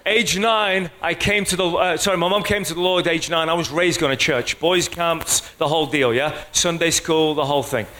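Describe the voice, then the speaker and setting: Man preaching in a chatty, slightly high voice. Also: moderate pace, few pauses, pushed and bright, a little hiss or hum. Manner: conversational, checks in with the crowd. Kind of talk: sermon.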